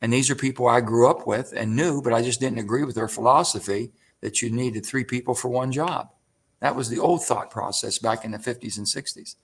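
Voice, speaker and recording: A man's voice: mid-range voice, a little fast, husky. An older man, a senator telling folksy stories of his start in politics as an interview guest. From West Virginia. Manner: folksy, animated retelling with acted quotes. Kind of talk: storytelling interview answer.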